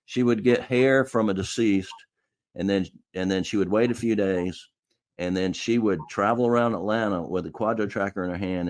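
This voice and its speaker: A middle-aged man from South Carolina, a defense lawyer casually telling stories from his cases and often repeating his words as he goes. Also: deep voice. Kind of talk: casual storytelling.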